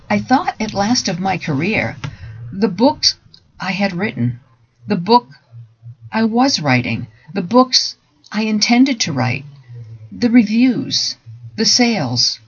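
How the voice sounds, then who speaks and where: A man reads a dramatic first-person story in a measured, deliberate voice, dropping into hushed, softer passages. His voice is high-pitched, gravelly, and husky, captured on a dull lo-fi recording.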